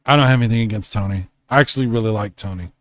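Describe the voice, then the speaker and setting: A man's voice: lowish voice, racing, a bit bright, dry recording. A man hosting a casual late-night stream, drunk, rambling and swearing as he reads chat aloud from home. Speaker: streamer host. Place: home room.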